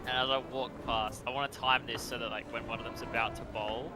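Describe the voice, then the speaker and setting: A man at a live tabletop session, laying out his character's plan in halting, filler-filled speech. Clear music plays steadily underneath his voice. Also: mid-range voice, little pitch movement. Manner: hesitant, filler-heavy planning. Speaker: player. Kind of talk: describing character actions.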